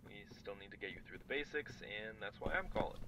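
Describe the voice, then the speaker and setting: A man voicing a casual phone guy in a horror game, giving relaxed night-shift instructions with lots of uhs. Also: fairly low pitch, quick pace, noisy background, lightly acted. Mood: calm. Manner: relaxed, rambling with many uhs.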